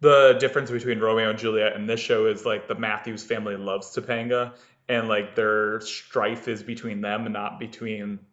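A man's voice: on the low side, little pitch movement, moderate pace, a bit bright, reverberant. A man co-hosting a podcast, rambling casually with lots of fillers and frequent laughs. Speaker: podcast co-host. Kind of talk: casual chat. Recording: slightly dull lo-fi sound.

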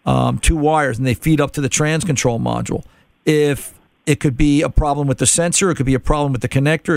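A man's voice: mid-range voice, vocal fry, dry recording. A middle-aged man hosting a call-in car-repair radio show, explaining in a casual, conversational way and repeating words while he thinks.

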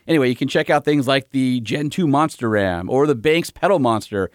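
A man hosting a podcast who reads sponsor ads live in an upbeat, brisk way and teases his co-host in casual chat. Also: medium pitch, no room sound, clean studio sound. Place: small cramped room.

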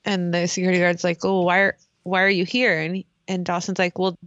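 A woman co-hosting a podcast, casually recapping a TV episode, animated, laughing a lot and swearing casually. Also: on the low side, fairly quick, no room sound. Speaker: podcast co-host. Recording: slightly dull lo-fi sound.

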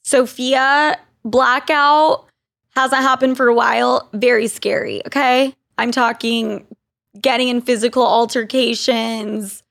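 Excitable young woman podcast host, gravelly. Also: on the high side, slow, no echo, studio quality. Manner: excitable, swears freely, valley girl voice. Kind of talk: casual podcast chat.

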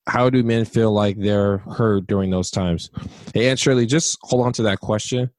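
A man's voice: fairly low pitch, steady tone, moderate pace, a little mellow, no room sound. A man hosting a podcast, asking rambling questions with hesitant restarts and reading out listener questions. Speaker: podcast host. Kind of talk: moderating a podcast discussion.

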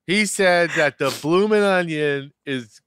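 A man's voice: a little high, takes it slowly, fairly bright tone, clean tone, no echo, clean studio sound. Man doing a mock-solemn restaurant owner's son.

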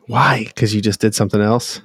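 A man's voice: lowish voice, steady tone, a little fast, slightly rough, no room sound. A man narrating as game master of a tabletop game, laid-back and easily amused.

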